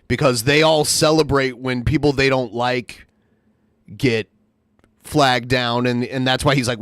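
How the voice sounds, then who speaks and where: Dry-voiced podcast co-host, animated. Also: male voice, mid-range voice, measured pace, smooth, dry recording. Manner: animated, rambling, mocking imitations. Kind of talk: casual commentary chat.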